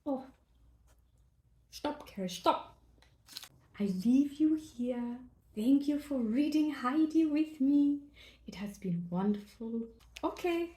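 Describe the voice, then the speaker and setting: A woman's voice: sits high, unhurried, warm tone. A young woman chatting playfully while she bakes in her kitchen, often dropping into a whisper. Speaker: book vlogger. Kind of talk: casual chat while baking. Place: home kitchen. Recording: echoey kitchen.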